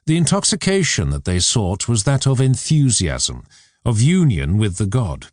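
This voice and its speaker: A man reading a philosophy book aloud in a measured, expressive way. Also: fairly low pitch, no room sound, clean studio sound. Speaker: audiobook reader. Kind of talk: scripted narration.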